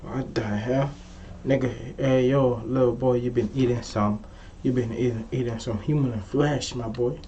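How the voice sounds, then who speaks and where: A man's voice: medium pitch, fairly even intonation, moderate pace, warm tone, highs cut off, slight background noise. A man hosting a reaction video, chatting casually in loose slang and talking back to the story.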